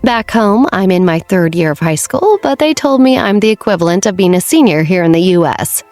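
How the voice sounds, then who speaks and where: A woman voicing a sweet, polite teenage girl exchange student who talks softly and earnestly. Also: medium pitch, lively intonation, fairly quick, soft background music, lightly acted. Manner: soft, earnest and apologetic.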